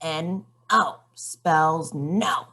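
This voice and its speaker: A woman's voice: on the low side, animated, drawn-out words, fairly bright tone, husky, heavily acted. A woman voicing a grumpy, rude little male garden gnome who curtly refuses everything.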